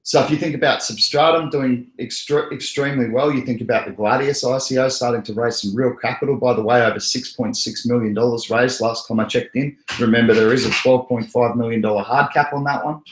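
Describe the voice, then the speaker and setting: A man's voice: medium pitch, fairly even intonation, a little fast, hardly any pauses. Rambling Australian man in an echoey room. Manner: rambling, joking, chuckles often. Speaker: crypto livestream host. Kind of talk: casual livestream chat.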